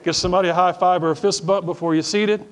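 A man's voice: sits high, fairly even intonation, quick pace. A middle-aged male pastor preaching a sermon in a church, reading scripture and calling on the congregation to answer back, often repeating his words. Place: church sanctuary before a congregation.

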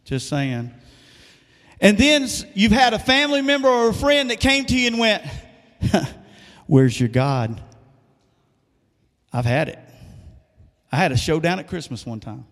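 A male pastor delivers a sermon in a church sanctuary, talking conversationally and tossing questions out to his congregation. His voice sits a little high for a man, and a long reverb hangs around it in the big room. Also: very animated, moderate pace, a bit bright. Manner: conversational preaching with call-and-response questions.

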